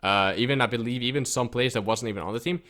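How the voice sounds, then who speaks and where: A man's voice: mid-range voice, fast talker, a bit bright. A man who coaches an esports team, telling a frustrated story in casual speech and quoting people as he goes. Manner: frustrated, emphatic, quotes others in his retelling. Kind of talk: casual storytelling rant to camera.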